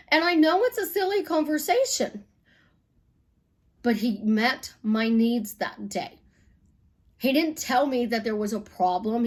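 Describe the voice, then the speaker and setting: A woman from Chicago, a life coach, telling stories bluntly in an animated, casual monologue with some swearing. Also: on the high side.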